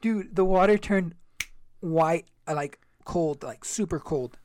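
A man's voice: on the high side, slow pace, a little mellow. A young man telling a personal story in a rambling casual chat, full of "like" and "dude.".

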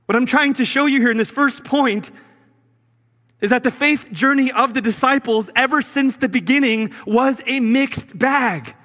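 A man preaching a sermon as pastor, earnest, sometimes dropping low and quiet for emphasis. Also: normal speed, long reverb tail.

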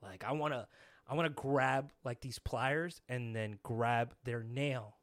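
A man co-hosting a podcast in casual chat, an animated and jokey storyteller. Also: mid-range voice, measured pace, dry recording. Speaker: podcast co-host.

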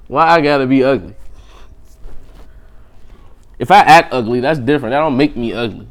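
A man talks through his own podcast alone, loose and casual. He rambles from one joke to the next and laughs at his own lines. His voice sits at an ordinary middle pitch. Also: moderate pace, pauses often. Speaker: podcast host. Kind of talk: casual solo podcast chat.

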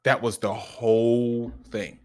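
Slowly and with plenty of restarts and repeated words, a man co-hosting a podcast spins a story during casual conversation. He brings the quotes to life, his pitch leaping suddenly as he acts out what people said.

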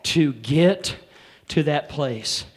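Pastor guy preaching sunday morning, kinda high voice, calls out folks by name, gets loud n drawn out. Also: breathy edge. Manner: rising to loud, drawn-out shouted preaching, calling out congregation members by name; repeats "come on here" as a call to the congregation. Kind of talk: sermon.

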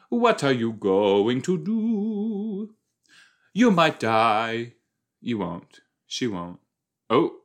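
A man's voice: mid-range voice, a bit bright. A young man reacting casually to a TV episode as he watches, thinking aloud with lots of fillers and exclamations. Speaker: reaction podcast host.

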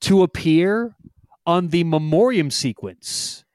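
A man's voice: a little high, animated, slow, a little mellow, clean tone, no room sound, clean studio sound. A man co-hosting a casual sports podcast, joking around and slipping in puns. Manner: joking, punning, playful. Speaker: podcast co-host.

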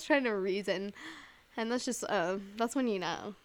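On her casual solo podcast, a young woman rambles, leaning heavily on fillers, swearing, and laughing at herself. Her voice sits in the mid-range, her speed is normal, and the recording has no room sound.

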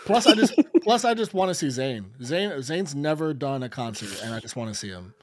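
A man's voice: mid-range voice, animated, fairly quick. A man with a plain mid-range voice talks through a story on a podcast. He rambles, restarts his sentences, and keeps the tone casual. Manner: rambling explainer, many restarts. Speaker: podcast co-host. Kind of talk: casual chat.

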